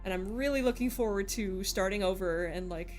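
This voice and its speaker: Woman streamer, mid pitch, casual rambling chat with curses, faint music behind. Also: fairly quick, darkish tone. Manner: frustrated, swearing, rambling with restarts.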